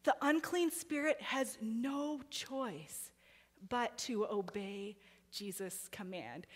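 A woman's voice: mid-range voice, lively intonation, takes it slowly, slightly rough. A woman preaching a sermon in a conversational way, asking her listeners questions. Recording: hall reverb.

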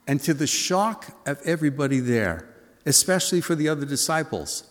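A man's voice: on the high side, expressive, moderate pace, in a large hall. A man preaching a sermon, asking his listeners questions and acting out the voices of the people in the story. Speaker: pastor.

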